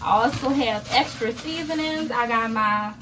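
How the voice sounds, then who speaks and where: A woman's voice: a little high, moderate pace, background noise. A young woman, chatting casually and rambling with many fillers in a home vlog. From Louisiana, USA. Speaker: vlogger. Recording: music playing behind.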